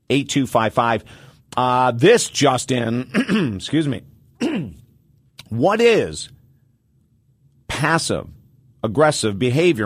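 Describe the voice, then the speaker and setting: A man hosting an advice show, telling stories in an animated way and driving points home by repeating them. His mid-pitched voice sits close and dry, with no room sound around it. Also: no room sound. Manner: animated storytelling, emphatic repetition. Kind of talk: call-in advice talk.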